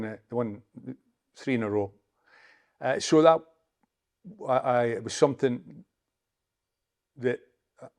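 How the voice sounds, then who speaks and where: Older Scottish man in his 70s, gravelly, mid-pitched, halting, repeats himself, anecdotal interview chat. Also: darkish tone. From Scotland. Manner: halting, repeats words, chatty. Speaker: interview guest, former footballer. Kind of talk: anecdotal storytelling.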